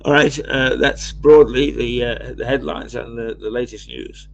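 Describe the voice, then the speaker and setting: A man with a croaky voice, co-hosting a casual news review and pausing often with fillers and restarts. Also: mid-range voice, highs cut off, faint music behind. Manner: hesitant, many fillers and restarts. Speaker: co-host reading newspaper headlines.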